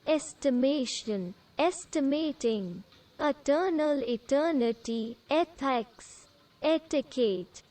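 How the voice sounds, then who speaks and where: A woman reads an English word list aloud, one word at a time, with a pause after each. Her voice sits high, and she goes very slowly and deliberately, like a vocabulary drill. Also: a little mellow, poor audio. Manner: says single words one at a time with pauses.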